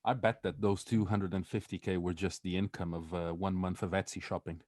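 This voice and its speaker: A man co-hosting a podcast, telling a story in a casual, animated way, swearing and laughing as he goes. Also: low voice, a little fast, no room sound, clean studio sound. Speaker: podcast co-host.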